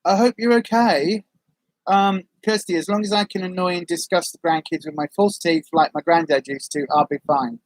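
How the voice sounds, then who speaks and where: A woman's voice: lowish voice, steady tone, normal speed, no room sound. Rambling, chatty woman vlogger. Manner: rambling, friendly, frequent ums and asides. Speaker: vlogger, livestream host. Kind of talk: casual chat reading viewer comments.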